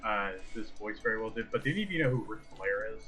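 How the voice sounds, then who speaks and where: A man talking casually as a player in a tabletop game, in a relaxed, chatty way. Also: on the low side, fast, a little hiss or hum.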